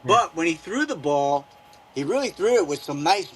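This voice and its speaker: A man calling in to a live sports fan show, chatting casually and haltingly, often repeating his words. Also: a little high, lively intonation, fairly bright tone, a little hiss or hum. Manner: halting, repeats words, laughs mid-sentence. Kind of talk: casual phone-in chat.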